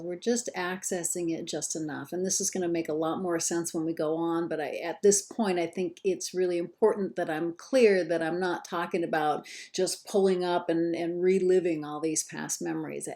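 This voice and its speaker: A woman's voice: on the low side, a little mellow. A middle-aged woman giving a recorded course lecture in an earnest, conversational way, often restarting and correcting herself. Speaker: instructor.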